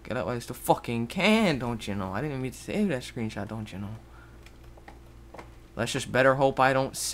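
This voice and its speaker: A man giving rambling Let's Play commentary at his computer, jumping between loud outbursts and muttered whispers. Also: mid-range voice, slight background noise. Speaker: gaming YouTuber. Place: at a computer, indoors.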